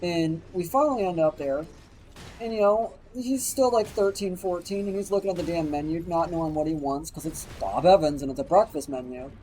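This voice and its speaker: On stream, a man spins a rambling, animated anecdote packed with profanity and impersonated voices. He speaks briskly in a fairly high pitch, over a rough recording with a bit of hiss or hum.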